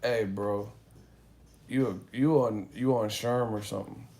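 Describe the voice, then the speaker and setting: A man's voice: lowish voice, fairly even intonation, slow pace, gravelly, dark tone. A man hosting a live boxing talk stream from a hotel room, speaking in a loose, profane, rambling way as he tells stories. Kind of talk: casual live-stream chat.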